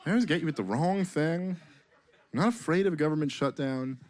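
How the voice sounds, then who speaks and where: A man performing a stand-up comedy set on a club stage, talking sarcastically and profanely in an animated way, with mock voices. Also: a little high, fairly quick.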